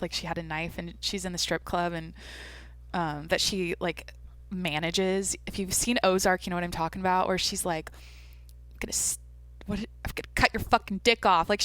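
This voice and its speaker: A woman's voice: mid-range voice, a bit bright. A woman hosts her own podcast solo, with a mid-height voice. She rambles through casual chat, cuts herself off to restart, and drops swear words freely. The sound is close and dry, with no room echo. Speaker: podcast host.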